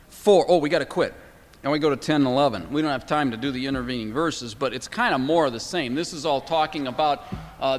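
A man lecturing to a class, his voice sitting a little higher than most men's. He talks with eager enthusiasm, stops on fillers and restarts words as he thinks aloud. A long reverb trails after his words in the room. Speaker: teacher.

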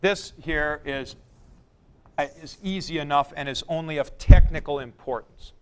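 A man teaching a classroom lecture, explaining deliberately with frank asides to his students. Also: on the high side, darkish tone, clean tone. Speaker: Greek teacher.

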